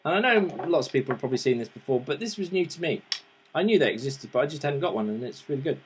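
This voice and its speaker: A man's voice: a little high, lively intonation, fast talker, breathy edge. A man hosting a casual show-and-tell review, chatty and rambling with restarts and fillers, turning earnest and pleading when he urges viewers to act. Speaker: host reviewing vaping gear.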